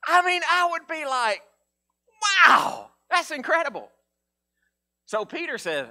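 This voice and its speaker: Guy preaching a laid-back sermon, bright voice, mumbles low when he acts out the disciples. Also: big pitch swings, a little slow, pauses often, a little hiss or hum. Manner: conversational, acts out Bible figures in a low mumble. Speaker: pastor.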